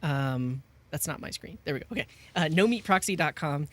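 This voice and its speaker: A man's voice: fairly high pitch, animated, fairly quick, fairly bright tone. A man co-hosting a tech podcast, explaining his views in an earnest, opinionated way. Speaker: podcast co-host. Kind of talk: casual tech podcast chat.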